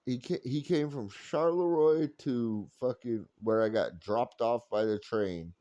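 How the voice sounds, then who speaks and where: A man's voice: medium pitch, unhurried, dark tone, no echo, dull audio. A young man telling a rambling, profane story full of fillers and restarts. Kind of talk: casual storytelling.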